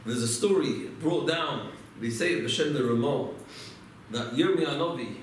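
A man's voice: mid-range voice, a little slow, a little hiss or hum. A man giving a religious lecture, telling stories and asking and answering his own rhetorical questions. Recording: echoey room, mic far off.

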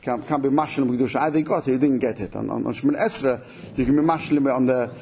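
A man giving a Torah lesson on prayer law, explaining quickly and animatedly, with many Hebrew and Yiddish terms mixed into his English. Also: mid-range voice, creaky, warm tone, slightly rough. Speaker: Torah teacher. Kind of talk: halacha class.

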